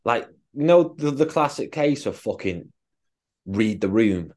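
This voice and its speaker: A man's voice: mid-range voice, animated, a little slow, a little mellow. A man co-hosting a podcast, a fitness coach chatting casually and swearing bluntly. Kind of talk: casual chat.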